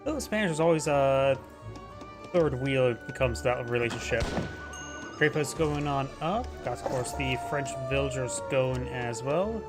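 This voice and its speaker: A man's voice: medium pitch, expressive, normal speed, over music. A man casually commentating a strategy game replay, rambling and stumbling over unit names. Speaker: game caster.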